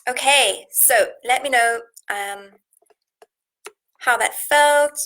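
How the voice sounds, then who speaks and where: A woman hosting a live wellness challenge, slowly counting breaths and then chatting with viewers. Her voice is slightly husky, and she is seated indoors at home. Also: on the high side, bright, forceful tone, low-quality recording. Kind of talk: live-streamed coaching chat with guided breathing.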